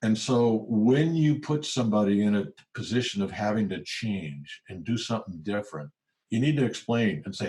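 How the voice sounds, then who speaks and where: A man's voice: fairly low pitch, normal speed. A man, a former tech executive in his sixties, chatting in an interview and acting out the voices of the people in his stories. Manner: animated storyteller who acts out quoted voices. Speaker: guest, former tech CEO. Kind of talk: casual interview talk.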